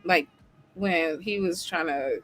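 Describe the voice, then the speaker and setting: A woman hosting a casual chat, chatty and animated, often laughing. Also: fairly low pitch, slow. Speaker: host.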